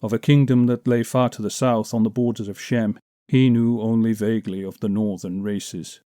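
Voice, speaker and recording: A man narrating an adventure story as an audiobook reader, in a measured, descriptive manner. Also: on the low side, steady tone, dark tone, no room sound, clean studio sound.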